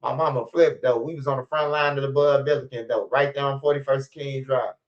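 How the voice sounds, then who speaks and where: In a casual storytelling monologue full of street talk and profanity, a middle-aged storyteller with a Chicago accent rambles along at a fairly quick clip. His voice is mid-range with fairly even intonation, captured on slightly muffled lo-fi audio.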